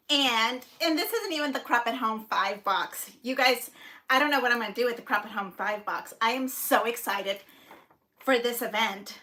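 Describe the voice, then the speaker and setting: A woman hosting a paper crafting livestream from her home craft room, chatting excitedly and gushing to viewers, recorded on a phone. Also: fairly high pitch, moderate pace. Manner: bubbly, gushing, squealing with excitement. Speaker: paper crafting channel host. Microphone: phone on a stand.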